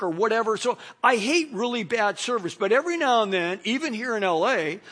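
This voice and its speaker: A man's voice: very high-pitched, moderate pace, few pauses, bright, forceful tone. A middle-aged male pastor preaching a sermon in a casual, conversational way, full of "you know" asides.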